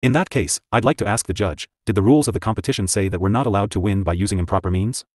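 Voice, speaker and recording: A cool, self-assured young noblewoman from a fantasy storybook, as a male narrator voices her in a low, dry voice. She speaks quickly and evenly, gently mocking. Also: no echo, natural voice.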